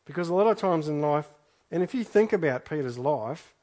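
A man's voice: a little high, animated, brisk, darkish tone. A man preaching a sermon, reading scripture aloud and then reflecting on it in an earnest way, often repeating his phrases for emphasis. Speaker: pastor.

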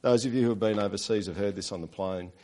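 A man with an Australian accent preaching a sermon, talking to his congregation in a relaxed way and dropping in quick rhetorical questions. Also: lowish voice. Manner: conversational, with rhetorical tag questions. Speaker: pastor.

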